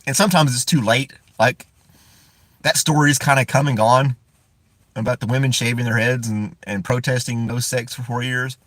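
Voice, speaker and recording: A man's voice: medium pitch, steady tone, moderate pace, fairly bright tone, no room sound. A man from the United States hosting a casual live stream from inside a parked car. He rambles, chuckles often and greets viewers by name.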